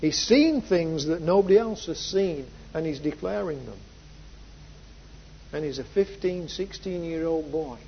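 A man preaching a sermon, moving from soft reflective passages to loud, emphatic repeated phrases. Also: a little high, animated, measured pace, creaky, slight background noise. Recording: dull lo-fi sound.

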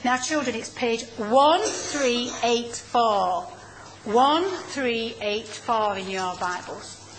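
Slow, patient woman teaching. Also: on the high side, expressive, a little hiss or hum, rough recording. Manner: slow, patient, explaining and prompting readers. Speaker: Bible class teacher. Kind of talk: teaching a Bible study class.

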